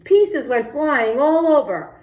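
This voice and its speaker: A woman teacher reads a children's picture book aloud, giving each animal its own voice and inviting the kids to sing the refrain. Her high-pitched voice is expressive, slow and darkish, and the room echoes.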